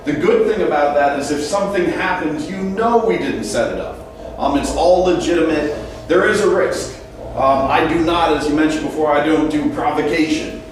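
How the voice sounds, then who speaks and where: Male host briefing a tour group, chatty and self-mocking, a touch high, distant mic, heavy echo, faint hiss. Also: moderate pace. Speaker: ghost hunt host. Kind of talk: casual briefing to a live group. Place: large echoey stone building indoors. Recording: echoey hall, voice from far off, faint noise.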